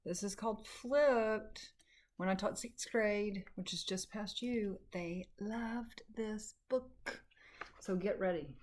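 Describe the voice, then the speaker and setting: A woman teacher reading a chapter book aloud to her class, unhurried and friendly. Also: mid-range voice, slight background noise.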